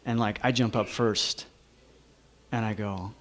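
A man telling a personal anecdote in a lively, chuckling way, with lots of fillers. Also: on the low side, a little slow. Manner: animated, chuckling, many fillers like "you know".

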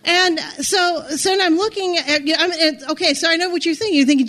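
A woman telling a personal story in an animated, self-deprecating way, often restarting her sentences. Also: very high voice, brisk.

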